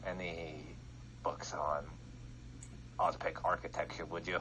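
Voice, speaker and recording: A man's voice: low voice, little pitch movement, measured pace, bright, forceful tone. A man playing in a casual tabletop game, jokey and prone to swearing, with faint background noise. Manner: joking, swearing, laughs a lot. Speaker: player.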